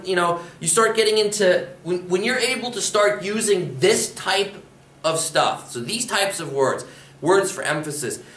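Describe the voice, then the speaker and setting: A man's voice: fairly high pitch, fairly bright tone. A man from Pennsylvania teaching a spoken language lesson, explaining patiently and repeating example phrases. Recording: roomy echo.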